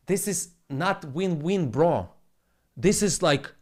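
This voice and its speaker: Blunt, rambling male streamer with a slightly high voice, swears freely and talks in broken English, desk mic at home. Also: very animated, slow. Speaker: trading live streamer. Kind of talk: casual live stream monologue. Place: home live stream setup.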